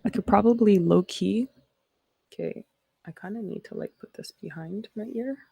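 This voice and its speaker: A Canadian woman chats with her stream audience in a rambling, thoughtful way before turning to a Bible reading. Her voice sits mid-range with a gravelly edge. It is recorded close and dry, with no room sound. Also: mid-range voice, moderate pace, mellow, no room sound. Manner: rambling, reflective, chatty with viewers. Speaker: live-stream host. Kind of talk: casual live-stream chat and Bible reading.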